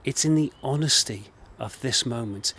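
A man's voice: medium pitch, moderate pace, slight background noise. Earnest English man preaching a sermon. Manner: earnest, gently emphatic, repeats phrases. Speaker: minister. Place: indoors, recorded for online service.

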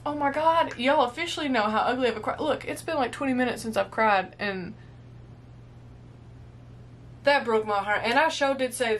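Young woman, twenties, reaction host. Gushing and emotional, swears casually, teary, fairly high voice. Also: a little fast, fairly bright tone, slight background noise. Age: 20s. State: teary after crying. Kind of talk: movie reaction and review.

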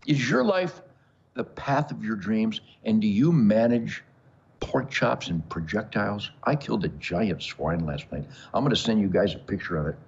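A man's voice: on the low side, expressive, normal speed, gravelly, darkish tone, breathy edge, dull audio. An older man hosting a show, rambling to camera in a bombastic, boastful, joking manner. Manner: boastful, bombastic, jokey, with frequent laughs. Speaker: show host.

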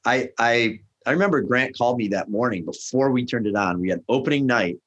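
Brisk and fairly bright in tone, a middle-aged man who founded a restaurant tech company recounts stories during a podcast interview, voicing the dialogue of the people involved with leaps in pitch. The audio sounds dull.

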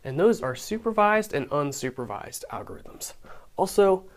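Hoarse young man teaching quietly. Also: a little high, big pitch swings, moderate pace, a little hiss or hum. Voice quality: raspy, hushed. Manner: talks quietly, chatty with asides and self-deprecating jokes. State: sore, raspy throat. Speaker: programming instructor. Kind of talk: casual tutorial explanation.

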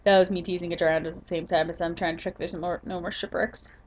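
A woman's voice: on the low side, steady tone, fast talker, slight background noise. A woman doing a casual voice-over of her own gameplay footage, sleepy and yawning, rambling with lots of fillers and restarts. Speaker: gaming channel host.

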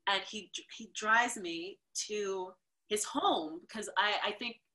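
A woman from New York, a dancer guesting on a podcast, telling a story in a casual, animated way. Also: mid-range voice, slow. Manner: animated, acts out the people in her stories.

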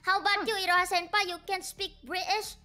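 A young woman streamer chatting playfully in halting English while gaming. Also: extremely high pitch, flat delivery, bright, forceful tone, soft background music. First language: Indonesian. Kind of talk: casual gaming chat.

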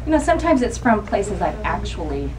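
A woman's voice: mid-range voice, very animated, brisk. A woman author answering audience questions at a book event, thoughtful and rambling with many fillers. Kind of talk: audience Q&A talk. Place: bookstore event room. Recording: distant mic in a noisy event room.

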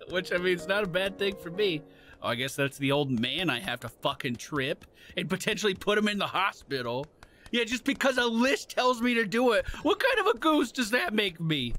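Excitable high-voiced man playing a game. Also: fairly quick, soft background music. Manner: excitable, laughing, swearing, talking to game characters. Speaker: gaming channel host. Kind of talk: let's play commentary.

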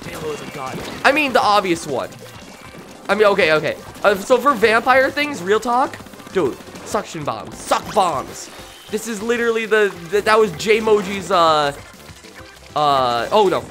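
Excitable guy streaming games, bright voice, goofy yelps and mumbles, faint game music behind. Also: moderate pace. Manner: excitable, jokey, jumps from loud yelps to low mumbles. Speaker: gaming streamer. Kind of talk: live gameplay commentary.

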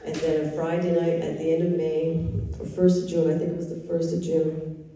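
A woman's voice: low voice, level tone, moderate pace, dark tone, a little hiss or hum. A woman sharing her personal faith testimony, telling it earnestly and with emotion. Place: live event room. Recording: echoey hall, picked up from far off.

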